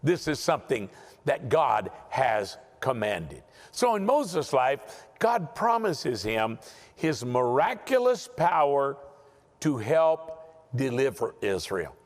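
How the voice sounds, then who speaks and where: A man's voice: medium pitch, wildly swooping pitch, slow, long reverb tail. A man teaching a Bible lesson in sermon style, emphatic and often repeating words as he restarts.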